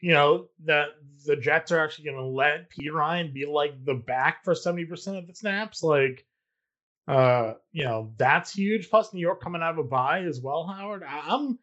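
A man's voice: fairly high pitch, fairly bright tone. Man on a dull, lo-fi line. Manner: measured, filler-heavy reasoning. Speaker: sports betting podcast co-host. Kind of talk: casual sports betting chat.

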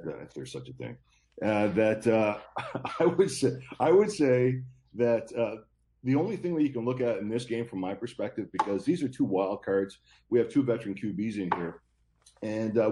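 A man's voice: on the low side, mellow, a little hiss or hum. A man giving sports betting picks as a guest, rambling and confident, often repeating himself. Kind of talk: casual podcast chat.

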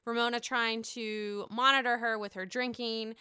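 A woman's voice: a little high, little pitch movement, normal speed, pushed and bright, clean tone, dry recording, clean studio sound. A woman giving a casual, gossipy recap of a reality show and breaking into put-on voices when she quotes people.

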